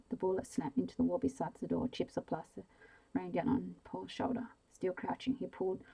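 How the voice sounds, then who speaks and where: Woman, hushed bedtime story reading, low gravelly voice, husky tone. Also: rough recording. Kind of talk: soft-spoken ASMR story reading.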